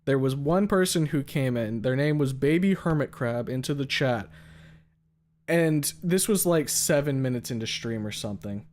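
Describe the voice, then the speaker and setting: A man's voice: medium pitch, expressive, normal speed, darkish tone. Profane, rambling young male streamer. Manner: loose and profane, many fillers. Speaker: streamer host. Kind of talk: casual stream chat.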